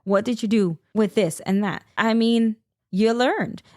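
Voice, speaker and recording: A woman co-hosting a podcast, an animated storyteller who laughs often and squeals when quoting herself. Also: on the high side, measured pace, dry recording, clean studio sound. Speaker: podcast co-host. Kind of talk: casual chat, storytelling.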